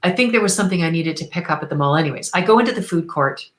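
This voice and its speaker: A woman from Canada, a guest on an interview show, telling a personal story in an enthusiastic, expressive, spiritual way. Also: lowish voice, racing, roomy sound, poor audio.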